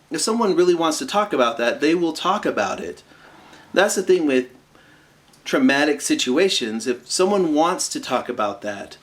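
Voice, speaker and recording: A man casually recapping a cartoon episode, rambling with asides and fillers and slipping into quick impressions of the characters. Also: medium pitch. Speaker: episode reviewer.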